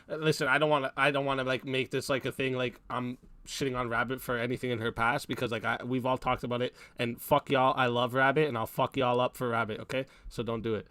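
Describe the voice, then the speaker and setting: A man's voice: medium pitch, fairly even intonation, fast, few pauses, a bit bright, no room sound. A young man hosting a livestream, ranting bluntly at his chat with heated language and constant cursing. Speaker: livestream host. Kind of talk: profane livestream rant.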